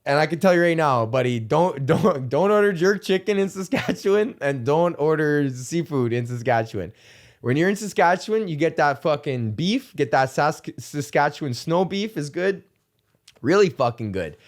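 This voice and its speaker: A man's voice: a little high, expressive, moderate pace. Profane rambling man hosting a podcast. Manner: profane, rambling, laughs often. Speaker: podcast host. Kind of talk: casual comedic rant.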